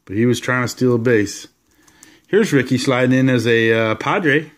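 A man casually showing off his collection of sports cards, rambling along with relaxed, enthusiastic asides. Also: medium pitch, moderate pace. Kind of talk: casual card-showing vlog.

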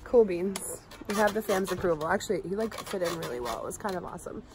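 A woman's voice: fairly low pitch, fast, heavy background noise. A young woman in her twenties vlogging casually from a family vacation, chatty and giggly, with many "like"s. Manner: chatty, giggly, says "like" often. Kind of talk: casual vlog chat. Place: outdoors at a beach and indoors at a vacation home. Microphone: handheld vlogging camera.

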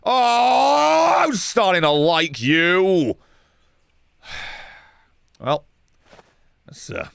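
A young man playing a video game and commenting as he goes, sarcastic and swearing, dropping to mutters and then shouting. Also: on the low side, gravelly, dry recording. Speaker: gaming streamer.

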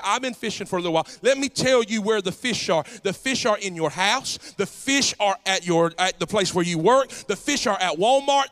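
A Southern-accented pastor delivers a folksy, storytelling sermon. His voice sits high for a man and rings bright and forceful, rising at times into shouted preaching. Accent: Southern US, South Georgia.

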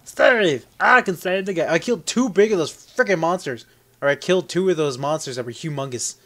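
A man giving casual let's play commentary, joking and rambling, with sudden loud yelps, while sick. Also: a little high, a little fast. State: sick, on medication.

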